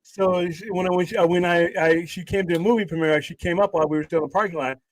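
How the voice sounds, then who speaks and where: A man hosting a livestream, chatting loosely and swearing as he rambles. His voice sits a touch high for a man, and the recording is dry and close, with no room sound. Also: steady tone, fast talker, no echo, low-quality recording. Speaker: livestream host. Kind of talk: casual chat.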